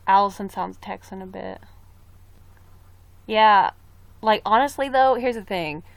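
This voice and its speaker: A woman's voice: mid-range voice, unhurried, gravelly, no echo. A young woman chatting casually on a live stream, rambling about a trip and reading viewer comments aloud. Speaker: livestreamer.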